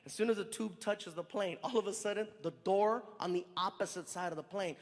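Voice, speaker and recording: A man doing a stand-up comedy set, telling an animated story on stage into a stage microphone, with acted-out dialogue. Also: high-pitched, fairly quick, in a large hall. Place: live comedy venue on stage.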